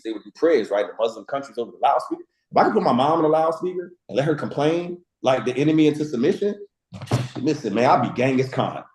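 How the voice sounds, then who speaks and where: Animated storytelling man, echoey room. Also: mid-range voice. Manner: storytelling with slang, acts out quotes. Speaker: guest speaker. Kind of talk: animated motivational talk.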